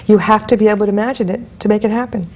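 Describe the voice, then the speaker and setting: A woman's voice: mid-range voice, fairly even intonation, rapid-fire, a little mellow. A woman guest hypnotist in an interview, telling client stories bluntly and emphatically. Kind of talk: interview storytelling.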